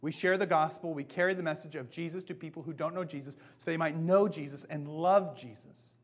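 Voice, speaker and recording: A man preaching a sermon as a pastor, earnest and conversational, often dropping to soft asides before closing in prayer. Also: a little high, a little fast.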